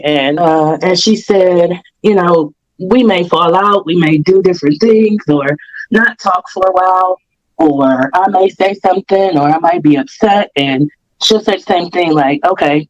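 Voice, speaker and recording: A woman's voice: fairly low pitch, a little slow, rough recording. Woman giving a teasing heartfelt tribute. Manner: warm-hearted, teasing, acts out quoted dialogue. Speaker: guest friend. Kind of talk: emotional podcast tribute.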